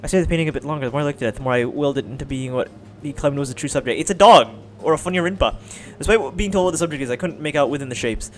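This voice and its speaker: A young man hosting a let's play, reading a visual novel aloud and breaking in with excited jokes. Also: medium pitch, rapid-fire, a little hiss or hum. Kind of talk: casual gameplay narration.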